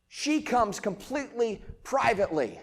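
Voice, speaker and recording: A man preaching a sermon in a casual, conversational way, asking rhetorical questions and swinging between loud emphatic lines and quiet ones. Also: very high-pitched, sing-song, a little slow. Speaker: pastor.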